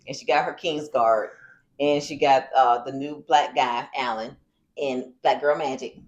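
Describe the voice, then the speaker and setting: A woman co-hosting a comedic TV recap, telling the story in a joking, animated way. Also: very deep voice, measured pace, dull audio. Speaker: co-host.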